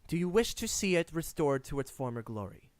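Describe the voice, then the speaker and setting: A man's voice: a little high, sing-song, brisk, a little mellow, no room sound. A man voicing a composed, guarded woman leader who speaks formally and measuredly.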